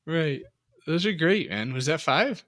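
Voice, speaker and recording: A man's voice: a little high, sing-song, a little slow, fairly bright tone. A middle-aged man co-hosting a podcast, rambling and self-deprecating in casual chat. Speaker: podcast co-host.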